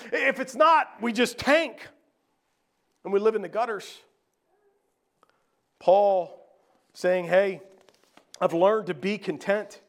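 Male preacher, very high-pitched; sermon delivery with scripture readings, loud-to-hushed swings. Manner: rhetorical questions, swings from raised to hushed; reads scripture aloud, repeats phrases.

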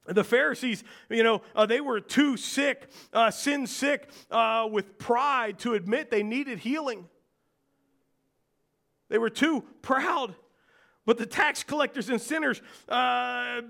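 A male pastor delivers a sermon with a high-pitched voice. He asks the congregation questions and drives his points home through repetition. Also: gravelly, a bit bright. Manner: preaching with call-and-response questions and repeated phrases.

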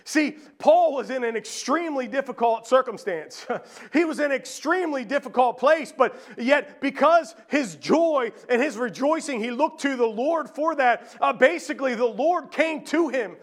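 High-voiced man preaching a sermon. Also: expressive, moderate pace. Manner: rhetorical questions, swings from raised to hushed; reads scripture aloud, repeats phrases.

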